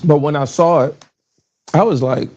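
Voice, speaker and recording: A man's voice: fairly high pitch, moderate pace, darkish tone. A middle-aged man from Richmond, Virginia, with a Southern accent, hosting a podcast livestream alone in casual, rambling talk that keeps interrupting itself. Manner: rambling, self-interrupting, fumbles with his stream setup. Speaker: podcast host. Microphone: livestream with phone recording. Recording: slightly dull, lo-fi livestream audio.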